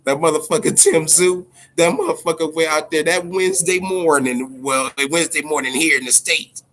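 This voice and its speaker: Profane, animated male boxing podcast host. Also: on the high side, normal speed, hardly any pauses. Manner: loose, profane, animated, keeps tagging "man" on every line. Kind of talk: casual profane monologue.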